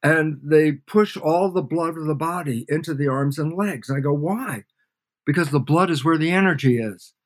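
A man's voice: fairly high pitch, moderate pace. An older man, a scientist guest in an interview, explains by acting out both sides of imagined conversations. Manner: acts out both sides of imagined dialogues, animated. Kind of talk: storytelling lecture in an interview.

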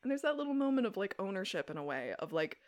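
A young adult woman co-hosting a podcast, recapping a show episode in casual chat, animated and laughing as she acts out quoted lines. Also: mid-range voice, quick pace. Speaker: podcast co-host.

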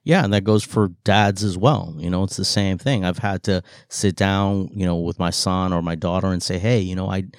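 Deep-voiced man, 30s, halting podcast co-host, dry sound. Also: fairly even intonation, smooth, dry recording. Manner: halting, many restarts and "you know" fillers. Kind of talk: casual chat about parenting.

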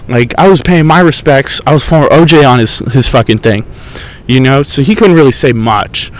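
A man's voice: mid-range voice, moderate pace, rough recording. Young man, podcast host, casual chat, profane, sarcastic, rambling. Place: outdoors in a park.

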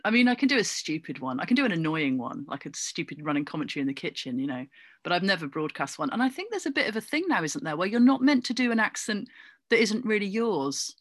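A middle-aged woman from England, chatting as a guest in an interview, animated and full of asides and fillers. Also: lowish voice, fast, no echo. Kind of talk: casual interview chat.

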